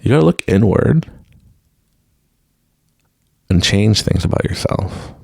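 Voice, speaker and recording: A man's voice: lowish voice, animated, takes it slowly, vocal fry, darkish tone, breathy edge, no echo, studio quality. A man hosting his own podcast, giving an unscripted motivational talk and laughing often. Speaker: podcast host. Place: room at home with a mic.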